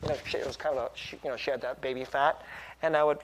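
A man's voice: medium pitch, fairly even intonation, very fast. A middle-aged man preaching in a conversational, self-deprecating way, often checking in with tag questions. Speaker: pastor. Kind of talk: conversational sermon.

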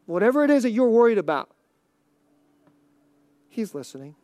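High-voiced chuckling male preacher. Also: very animated, normal speed, no echo, studio quality. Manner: conversational, chuckling often, drops to a hush on key lines. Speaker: pastor. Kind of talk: sermon.

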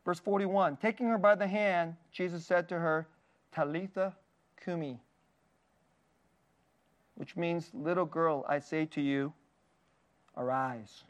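Male pastor, high voice, earnest sermon delivery, warm laughs, gentle quiet dips. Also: slow, long pauses. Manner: earnest, tender preaching with frequent laughs and soft dips.

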